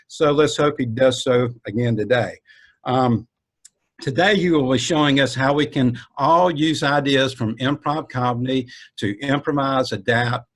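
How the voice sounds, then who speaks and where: A man with a Southern US accent opens a conference and introduces the keynote speaker, halting with many ums and uhs. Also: medium pitch. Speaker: conference host. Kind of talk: conference opening remarks.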